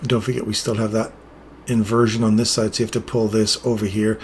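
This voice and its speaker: A man's voice: lowish voice, flat delivery, brisk, a little mellow, a little hiss or hum. A man explaining chart setups in casual live trading commentary, chatting with viewers as he goes. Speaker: trading streamer.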